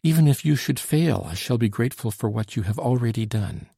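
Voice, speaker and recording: A man reading aloud the lines of a young female aristocrat in hiding, formal and gentle. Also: medium pitch, lively intonation, fairly quick, vocal fry, husky, dry recording, studio quality. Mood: earnest.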